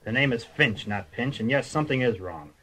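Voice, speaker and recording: A man's voice: medium pitch, expressive, fairly quick, fairly bright tone, husky, low-quality recording. An actor playing a stern, impatient elderly man who wants to hire a detective in a radio comedy. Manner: stiff, impatient, formal. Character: stern elderly male rich client.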